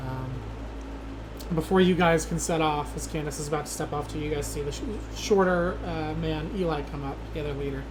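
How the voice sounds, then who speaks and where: Role: game master. Sex: man. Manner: relaxed, filler-heavy narration. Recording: noisy. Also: fairly high pitch, moderate pace.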